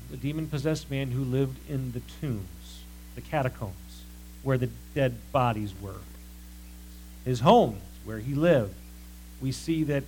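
Animated preacher man with lots of questions. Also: medium pitch, a little hiss or hum, low-quality recording. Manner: animated, rhetorical questions, conversational asides. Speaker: preacher teaching from scripture. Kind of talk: sermon.

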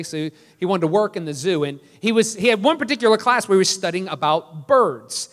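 A man's voice: high voice, fairly bright tone. A man preaching a sermon as pastor, joking and conversational with the congregation. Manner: joking, self-deprecating, conversational. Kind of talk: sermon with storytelling. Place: church. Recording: long reverb of a large hall.

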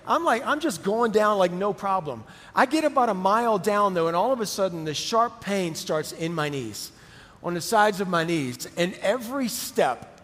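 A middle-aged man preaching a sermon, telling a personal story in a conversational, animated way. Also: sits high. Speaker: pastor. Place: church auditorium. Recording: long hall reverb.

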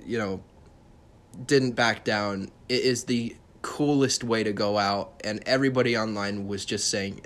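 A young man with a fairly low voice talks through a casual solo podcast episode. He rambles and swears freely, stumbles over restarts and fillers, and turns sarcastic at times. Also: fairly bright tone. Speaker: podcast host.

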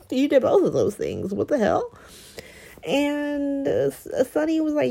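Chatty woman doing a soap recap, mellow low-key tone, kinda gravelly. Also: slow pace. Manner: gossipy, animated, quotes characters in mock voices, laughs often. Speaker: soap opera recap host. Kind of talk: casual chat recap.

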